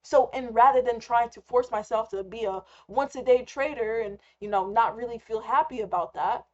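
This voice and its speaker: A woman's voice: on the high side, moderate pace, few pauses. Candid young woman ranting, slightly muffled. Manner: candid, rambling, swears freely. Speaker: trader and vlogger. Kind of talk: unscripted live rant.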